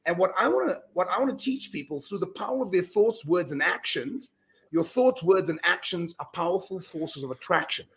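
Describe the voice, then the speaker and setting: A middle-aged man speaking as a guest on an interview podcast. He talks in an emphatic, earnest way, with quick restarts and repeated words. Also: high voice, lively intonation, a bit bright. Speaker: guest speaker on mind power. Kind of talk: animated storytelling in a podcast interview.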